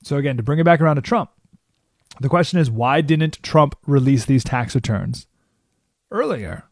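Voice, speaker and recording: Telling a lively story on his political talk radio show, a man keeps asking "right?" into a studio microphone. His medium-pitched voice moves at a moderate pace, and the recording is dry.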